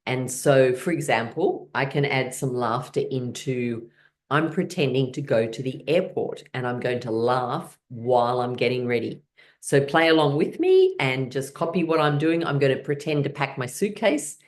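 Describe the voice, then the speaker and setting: Low, lively-voiced woman leading laughter exercises. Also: normal speed. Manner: encouraging, playful, gently coaching. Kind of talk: guided laughter exercise class.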